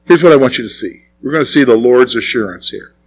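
A man's voice: mid-range voice, lively intonation, quick pace, slight background noise, poor audio. A male pastor preaching a conversational sermon, often asking the congregation questions.

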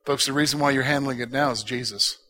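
A man pastor preaching a sermon, swinging between loud urging and hushed, intimate talk and repeating short exhortations. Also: mid-range voice, fast talker.

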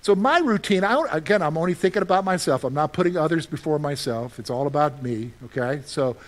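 A middle-aged man preaching a sermon as pastor, lively and conversational, asking his listeners questions and answering them himself. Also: on the high side, a little fast. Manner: animated, asks the congregation questions and answers them; acts out his own panicked reactions for humor.

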